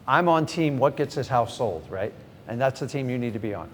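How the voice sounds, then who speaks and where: A middle-aged man teaching a live seminar. He is energetic and direct, often questions the audience and then answers himself. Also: medium pitch, fairly quick. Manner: energetic, direct, acts out sample conversations. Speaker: real estate investing trainer. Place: large event hall with a live audience. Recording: echoey hall, faint background noise.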